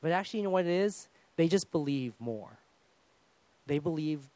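A man preaching a sermon as pastor, telling stories in an animated way and acting out the quotes. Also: a little high, normal speed. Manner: animated storytelling, acts out quotes.

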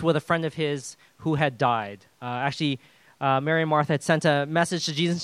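Animated pastor, high-ish voice, dry sound. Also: male voice, a little fast, smooth, no echo. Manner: casual and animated, swings between loud emphasis and hushed drops; joking asides. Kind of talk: conversational sermon.

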